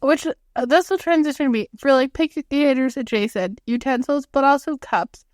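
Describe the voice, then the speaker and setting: A woman's voice: high-pitched, moderate pace, a little mellow, dry recording, studio quality. A woman in her thirties co-hosting a podcast, speaking bluntly and jokingly with casual swearing. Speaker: podcast co-host. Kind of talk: casual chat.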